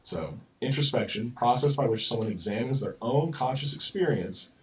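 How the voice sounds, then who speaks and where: A young man teaching an intro psychology course from slides, relaxed and casual, with plenty of ums and you-knows. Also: mid-range voice, normal speed, distant mic. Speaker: psychology lecturer.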